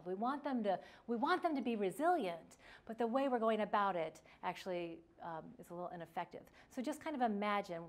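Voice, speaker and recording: Delivering a parenting lesson, this middle-aged educator talks a little fast in an animated, medium-pitched voice. She keeps it casual, often stopping to restart and leaning on filler words.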